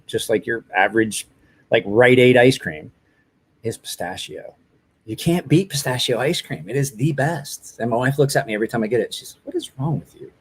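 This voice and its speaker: A man's voice: fairly low pitch, husky. A man in his forties hosting a casual live stream, tired and run down, rambling with many fillers and apologies. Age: 40s.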